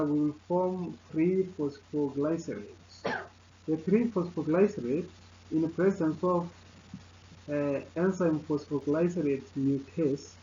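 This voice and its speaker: Male lecturer, slow and halting with many fillers, mellow tone, dull lo-fi recording. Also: on the high side. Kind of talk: slide lecture narration. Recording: dull lo-fi sound with faint noise.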